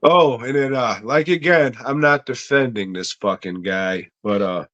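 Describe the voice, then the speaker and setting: A man's voice: mid-range voice, measured pace, fairly bright tone, no room sound, highs cut off. A man co-hosting a comedy podcast, chatting casually in a rambling, profane way with lots of fillers. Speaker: podcast co-host.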